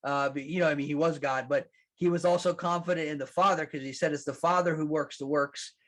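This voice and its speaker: Guy pastor giving a sermon, kinda high voice, chatty, animated, lots of restarts. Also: fairly quick. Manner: animated, acts out quotes, laughs at his own lines; conversational, with repeated restarts.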